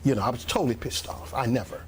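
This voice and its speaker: An older man, a pastor telling a rambling, animated story in a sermon to his congregation, often clearing his throat and coughing. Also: mid-range voice, quick pace, a crowd in the background. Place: church meeting room with a congregation.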